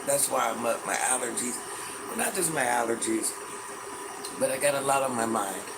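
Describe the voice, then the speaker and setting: A man with a medium-pitched, lively voice and some vocal fry reads viewer comments at a moderate pace during a casual live stream. He's sassy, calls viewers "baby," repeats himself, and sounds a little stuffy from allergies. Loud background noise and an air conditioner hum fill the recording.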